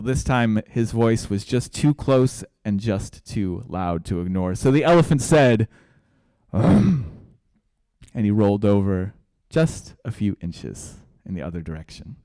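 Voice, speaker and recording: A man, a guest speaker, telling a children's story in a sermon, gentle and trailing off quietly at line ends. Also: mid-range voice, smooth, dry recording.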